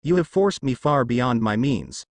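A man voicing a desperate, dying male villain who speaks slowly, gasping and menacing. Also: medium pitch, lively intonation, dry recording. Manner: slow, gasping and menacing delivery.

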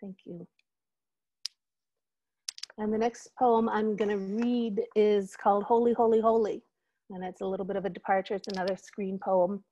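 A woman poet giving a measured, dramatic poetry reading that drops at times to soft near-whispers. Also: mid-range voice, little pitch movement, lo-fi sound, a little hiss or hum.

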